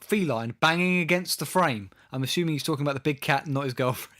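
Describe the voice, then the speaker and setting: A man's voice: a little high, fast talker, few pauses, a bit bright. A man co-hosting a casual comedy podcast, reading out odd news stories in a wry, mock-serious way. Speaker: podcast co-host.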